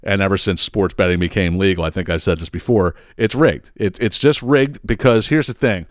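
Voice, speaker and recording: A man's voice: low-pitched, a little fast, no echo, studio quality. A man hosting a podcast, ranting profanely in a casual style and often stumbling over repeated words. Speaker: podcast host.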